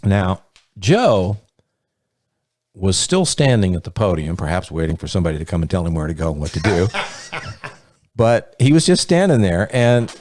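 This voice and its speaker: A man's voice: sits low, big pitch swings, normal speed, pauses often, a little mellow, a little hiss or hum. A man hosting a podcast, giving blunt, profane, sarcastic commentary in a casual way. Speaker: podcast host.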